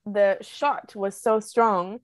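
A woman's voice: mid-range voice, steady tone, slow pace, dry recording. Giggly young woman guest. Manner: giggly, rambling, many "like" and "um" fillers. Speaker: podcast guest. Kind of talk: casual podcast chat.

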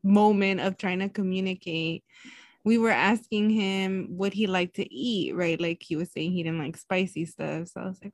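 With clean studio sound and no echo, this woman speaks at a measured pace in a medium pitch. She co-hosts a podcast, casually chatting through a story with frequent laughter; Spanish is her first language.

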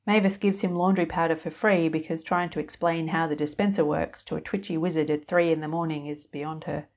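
A woman narrating a story in an even, wry storytelling manner. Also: low-pitched, a little fast. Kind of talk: scripted narration.

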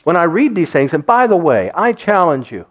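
A man's voice: on the high side, sing-song, normal speed, dull audio. A man preaching a sermon, acting out quoted voices and laughing often. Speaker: pastor.

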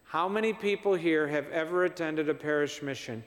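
Male priest, high voice, conversational homily, tired, reverberant church. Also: moderate pace. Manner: conversational, repeats himself for emphasis, asks the congregation questions. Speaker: visiting priest. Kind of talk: parish mission homily.

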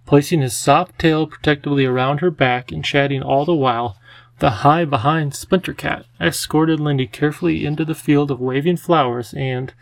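Gravelly man reading a storybook. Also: a little high, moderate pace, dry recording. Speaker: audiobook narrator. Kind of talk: scripted storybook narration.

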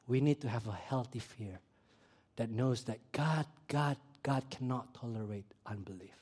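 A man preaching a sermon, telling a childhood story in a lively way and asking the audience questions. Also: mid-range voice. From Indonesia.

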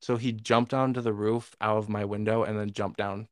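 A man's voice: lowish voice, level tone, normal speed, clean tone, no echo, studio quality. A young man co-hosting a podcast, telling a story in a teasing, crude way and acting out what he said. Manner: teasing, crude, quotes himself a lot. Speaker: podcast co-host. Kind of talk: casual storytelling chat.

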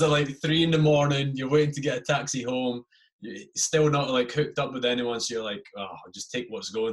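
A man hosts a podcast and tells old army stories in casual talk. He swears freely and acts out the voices of the people in his anecdotes. His voice sits at an average pitch. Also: fairly bright tone. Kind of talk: casual storytelling.

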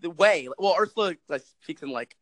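A young man with a high voice talks in a loose, rambling way. He swears freely, laughs often and fills his talk with "like". The sound is dry and close, with no room echo. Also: expressive, fairly quick, fairly bright tone. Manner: rambling, profane, laughs often, many filler likes. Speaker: podcast co-host. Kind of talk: casual chat.

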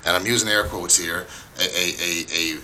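A man's voice: sits low, fairly even intonation, moderate pace, sharp tone, a little hiss or hum, low-quality recording. A man co-hosting a podcast in casual chat, emphatic with dry humor. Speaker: podcast co-host.

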